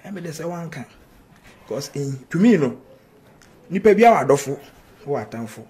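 A man's voice: a little high, big pitch swings, a little fast, darkish tone. A man with a Ghanaian accent, a gospel singer's manager, answering interview questions earnestly and mixing Twi and English.

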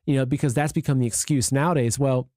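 Mellow-voiced man hosting an interview. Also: mid-range voice, steady tone, quick pace, dry recording, studio quality. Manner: conversational, with many fillers like "like" and "you know". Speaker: interview host. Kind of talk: casual interview talk.

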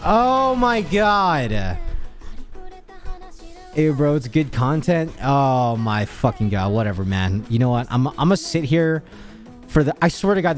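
A young man streaming, chatting casually with his viewers, swearing and ranting in exasperation. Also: mid-range voice. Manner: animated, swearing, exasperated rants. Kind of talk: casual livestream chat.

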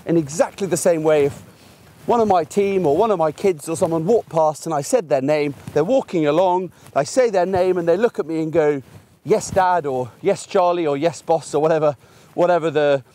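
A man's voice: fairly high pitch, a little fast, warm tone. Chatty man training a puppy outdoors. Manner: chatty, explains with everyday examples. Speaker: gundog trainer. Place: outdoors in a field by a fence.

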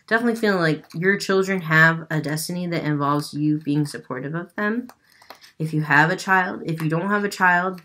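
Woman tarot reader, low voice, unusual accent, chatty and offhand. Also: fairly bright tone. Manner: chatty, swears, laughs at herself. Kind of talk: casual tarot reading.

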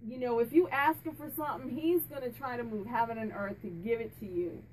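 A woman's voice: a little high, fairly quick, a little mellow, recorded from a distance, a little hiss or hum, low-quality recording. A woman speaking as a medium, chatting casually and relaying what a spirit tells her, with many restarts and fillers. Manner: laughs and jokes with the spirit. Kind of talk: casual channeling talk to camera.

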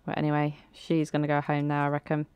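A woman's voice: low-pitched, monotone, quick pace, a little mellow, clear, resonant tone, no room sound. A woman narrating and commenting on a life-sim game in a chatty way, laughing and using lots of fillers. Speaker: let's play creator. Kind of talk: game commentary with voiced characters.

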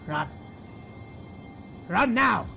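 A man's voice: mid-range voice, steady tone, unhurried, faint music behind, lightly acted. A man voicing an old male vampire hunter who gives stern, urgent commands. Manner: urgent shouting.

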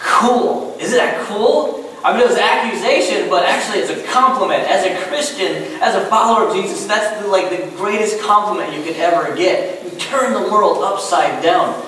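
Male pastor, high voice, casual questioning sermon, booming church echo, a little off-mic. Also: moderate pace, fairly bright tone. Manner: conversational, asks the room many questions. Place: church sanctuary. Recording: very echoey hall, voice a bit distant, faint noise.

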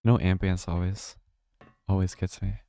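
A man's voice: low voice, level tone, normal speed, mellow, smooth. A man streaming a horror game live, chatting and reacting aloud as he plays. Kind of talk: casual gameplay commentary.

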